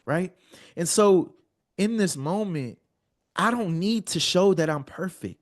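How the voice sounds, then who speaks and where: A man's voice: a little high, moderate pace. A man in his thirties, a podcast guest, speaking earnestly and often repeating words as he builds a point. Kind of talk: heartfelt conversational storytelling.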